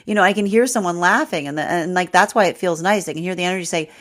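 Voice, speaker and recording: Woman, lowish voice, tarot reader on a live stream, rambling and restarting, quick to laugh. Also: a bit bright. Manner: rambling, many fillers and restarts, laughs often. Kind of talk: live-streamed astrology reading.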